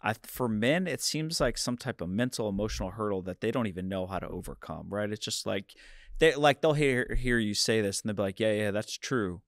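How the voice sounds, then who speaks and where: Low-voiced man hosting a podcast. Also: animated, fairly quick, no room sound, studio quality. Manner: asks questions thoughtfully, affirming. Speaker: podcast host. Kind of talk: casual podcast interview.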